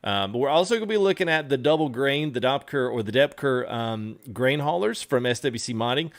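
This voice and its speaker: A man's voice: mid-range voice, animated, a little fast. A man streaming a truck game, talking casually with many fillers and greeting his chat. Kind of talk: casual live-stream commentary.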